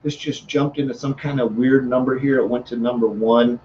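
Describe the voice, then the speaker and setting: A man's voice: medium pitch, steady tone, normal speed, a little mellow, muffled recording, slight background noise. A man giving a motivational talk as a sales coach, fervent and repetitive, often restarting his sentences.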